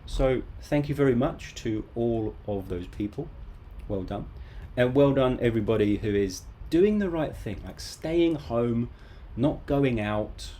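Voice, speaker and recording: A man's voice: mid-range voice, lively intonation, unhurried, dark tone, a little hiss or hum. A man in his thirties teaching a live online English lesson from home, casual and chatty with joking asides.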